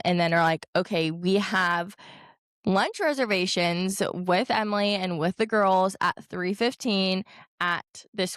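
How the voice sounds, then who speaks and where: A woman's voice: medium pitch, a bit bright, dry recording, studio quality. A young woman, hosting a podcast and telling a story in a chatty way, with many fillers and mild swearing. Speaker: podcast host. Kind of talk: casual storytelling.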